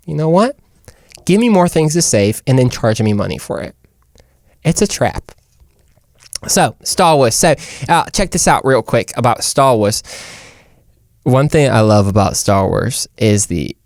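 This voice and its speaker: A man's voice: medium pitch, a little mellow, no echo, clean studio sound. A young man hosting a casual comedic monologue, rambling and jokey. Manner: rambling, jokey, says "dude" and "like" often. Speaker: host.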